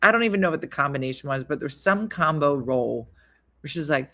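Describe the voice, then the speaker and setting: Female stream host, casual chat, storyteller, quick to laugh. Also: deep voice, animated, sharp tone. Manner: chatty storyteller, laughs often. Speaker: live-stream host reading viewer comments.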